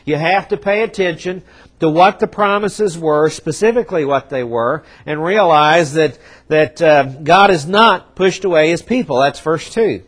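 A man delivering a sermon in a somewhat high voice. He preaches emphatically, slowing down and dropping his volume for dramatic effect. Now and then he slips into the voices of the prophets he quotes, still talking plainly. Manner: emphatic preaching with dramatic pauses and shifts in loudness; acts out quoted prophets and God in conversational voice. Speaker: pastor.

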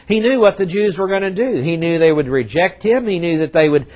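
A pastor with a somewhat high voice preaches a sermon emphatically and expressively, slowing down and lowering his volume for dramatic effect. He pauses for drama, shifts in loudness, and sometimes acts out the prophets and God he quotes in a plain, conversational voice.

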